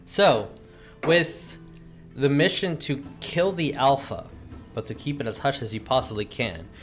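Slow, halting male game master. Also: mid-range voice, expressive, a bit bright, faint music behind. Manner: slow, halting narration with many pauses. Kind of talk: recapping a tabletop game session.

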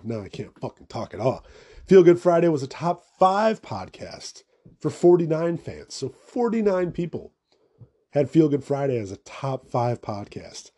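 Young man, solo podcast host, rambling, profane, self-mocking, mellow dark tone. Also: mid-range voice. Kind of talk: casual solo podcast monologue.

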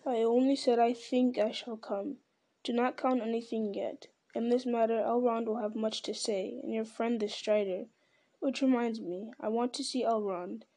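A woman's voice: a little high, steady tone, moderate pace, mellow. A woman reading a stern old wizard.

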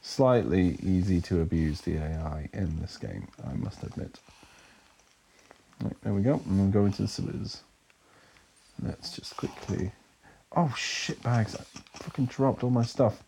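A man's voice: sits low, unhurried, vocal fry, pauses often, warm tone, slight background noise. A man giving casual, profane commentary while playing a game, muttering asides and repeating curses at enemies. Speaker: gamer playing through a retro game. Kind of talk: casual let's-play commentary.

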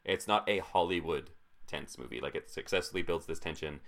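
A young man in his twenties with a very low, deep voice, talking casually about films. He rambles and leans on "like" constantly. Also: a little fast, a bit bright. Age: 20s. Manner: filler-heavy, rambling with frequent "like". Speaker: podcast co-host. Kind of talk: casual chat about movies.

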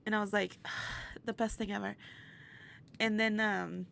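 Woman guest, gravelly edge, animated storyteller who laughs a lot and acts out quotes; light background hiss. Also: medium pitch, measured pace. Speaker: interview guest, burlesque performer. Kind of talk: casual storytelling chat.

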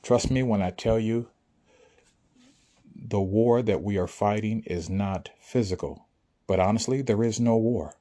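A fairly low, mellow voice moves a little slowly with frequent pauses as this spiritual speaker preaches to his audience. The monologue is motivational and emphatic, punctuated by repeated questions about whether listeners understand.

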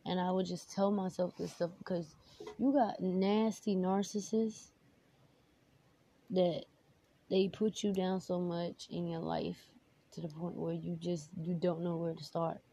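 A woman's voice: on the low side, steady tone, a little slow, warm tone. A woman hosting her own podcast, talking candidly and emotionally in a rambling, casual way with many fillers. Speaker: podcast host. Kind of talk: casual personal talk. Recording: dull lo-fi sound, faint noise.

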